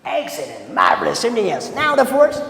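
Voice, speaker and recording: Male teacher, slow and deliberate, lively pitch, gravelly edge, roomy reverb, faint background hum. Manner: slow, deliberate, repeating key words for students. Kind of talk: classroom grammar lesson. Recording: echoey room with long reverb and faint ambience.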